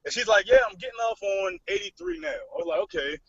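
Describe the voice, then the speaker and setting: A man co-hosting a podcast, telling a story in casual chat, cursing freely and animated. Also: extremely high pitch, quick pace, creaky, no echo. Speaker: podcast co-host. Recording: dull lo-fi podcast recording.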